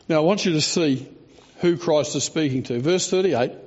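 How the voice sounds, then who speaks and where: A man preaching a sermon, telling the story expressively with dramatic slowdowns. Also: on the high side, a little mellow. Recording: dull lo-fi recording.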